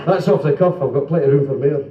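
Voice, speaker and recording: A man's voice: on the high side, fast talker, noisy background. A Scottish man doing live stand-up comedy, telling jokey stories with sung bits and laughing at himself as he goes. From Scotland. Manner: jokey, lively storytelling with sung bits and self-interrupting laughter. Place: club stage before an audience. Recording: roomy, distant, dull 1970s live club recording.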